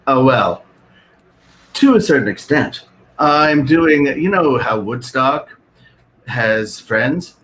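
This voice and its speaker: A man who is a guest actor chats casually over a video call, energetically telling self-deprecating stories. His mid-range voice moves slowly with long pauses, and the recording quality is low.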